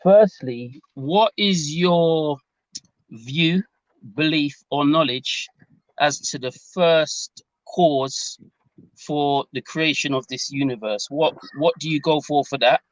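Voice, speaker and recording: A man's voice: on the high side, slow, dry recording, lo-fi sound. A man with a London English accent, calling in politely with many hesitations and restarts. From England. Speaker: caller. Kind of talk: casual call-in conversation.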